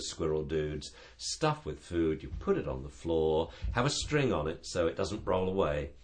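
A man who trains dogs, chatting on a talk show and acting out dogs and owners in funny voices. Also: deep voice. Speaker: dog trainer and show guest expert. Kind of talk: casual radio chat.

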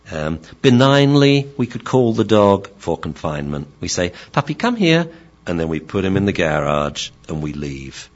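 A man's voice: deep voice, husky, lo-fi sound. A man lecturing as a dog trainer in a chatty, playful way, with many fillers. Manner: animated, chatty, playful, many fillers, laughs, mimics voices. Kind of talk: informal lecture.

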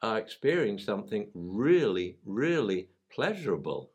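Animated man telling stories. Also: fairly low pitch, normal speed. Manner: animated storyteller, acts out voices. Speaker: dog trainer and podcast host. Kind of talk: casual podcast conversation.

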